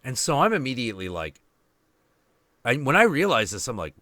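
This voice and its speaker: A man's voice: mid-range voice, sing-song, a little fast, pauses often, bright, forceful tone, no room sound. A man in his late twenties, hosting a podcast, telling a story in casual chat with plenty of swearing and ranting. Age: 20s. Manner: profane, ranting, confrontational. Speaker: podcast host.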